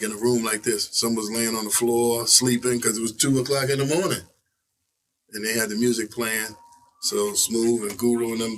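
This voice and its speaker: A middle-aged man from New York telling stories from his career as a guest in a casual interview, full of slang and swearing, acting out what people said. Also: on the low side. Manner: animated storyteller who acts out quotes, profane slang. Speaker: veteran rapper, interview guest. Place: indoor interview room. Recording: voice picked up from a distance.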